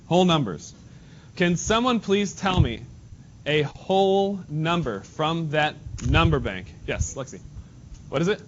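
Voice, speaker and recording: A man's voice: on the high side, sing-song, unhurried. A male math teacher leading a classroom lesson, casual and joking, calling on students by name. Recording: dull lo-fi classroom recording with faint noise.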